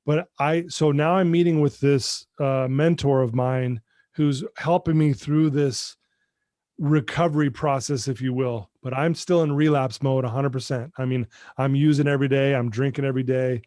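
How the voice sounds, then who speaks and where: A man's voice: mid-range voice, steady tone, normal speed, darkish tone, no room sound, studio quality. A middle-aged man, a guest on a podcast interview, telling his recovery story in an earnest, heartfelt way and speaking straight to the host over a video call. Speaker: guest, addiction recovery mentor.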